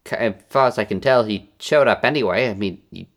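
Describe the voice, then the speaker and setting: A man's voice: lowish voice, a little fast. A man playing a tabletop game, modest and hesitant, with many fillers. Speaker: player. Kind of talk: casual tabletop play chat.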